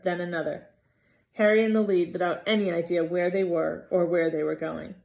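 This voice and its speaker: A woman reading a novel aloud in an expressive, dramatic way. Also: on the low side. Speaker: reader.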